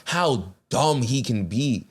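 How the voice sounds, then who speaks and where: A man's voice: mid-range voice, expressive, slow, husky. A young man co-hosting a podcast in casual chat, blunt and exasperated, full of "like.". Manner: blunt, exasperated commentary with lots of "like". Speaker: podcast co-host.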